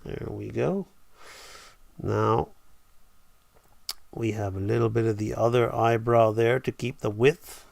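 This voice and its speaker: A man's voice: on the low side, fairly even intonation, takes it slowly, vocal fry, pauses often, darkish tone, no echo. A man teaching animation on a live stream, enthusiastic and thinking aloud as he draws. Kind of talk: live-streamed drawing tutorial.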